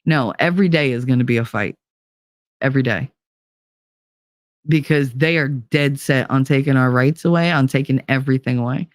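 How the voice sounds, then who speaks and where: A woman's voice: very deep voice, normal speed, pauses often, dry recording. Woman, fifties, live-stream co-host, blunt emphatic rant, swears freely, dry close sound. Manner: emphatic ranting, blunt and profane.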